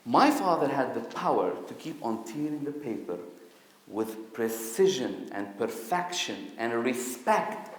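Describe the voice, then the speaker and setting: Animated storytelling man in an echoey hall. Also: medium pitch, measured pace. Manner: animated, acts out voices with sudden loud outbursts. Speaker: conference speaker. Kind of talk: personal storytelling talk. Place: conference hall.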